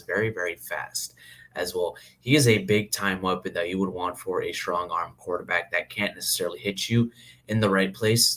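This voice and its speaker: A man's voice: low-pitched, fairly bright tone. A man appearing as a guest on a sports talk show, chatting casually and playfully breaking down football players. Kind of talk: casual chat.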